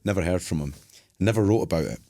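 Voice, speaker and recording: A man's voice: sits low, expressive, quick pace, creaky, warm tone, dry recording. A man, a podcast co-host telling a long story in casual chat, swearing freely and acting out everyone he quotes.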